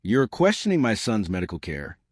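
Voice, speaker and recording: A man's voice: fairly low pitch, huge pitch swings, fairly quick, dry recording, studio quality. A man playing a wealthy middle-aged father who talks in a clipped, condescending, controlling way. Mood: cold menace.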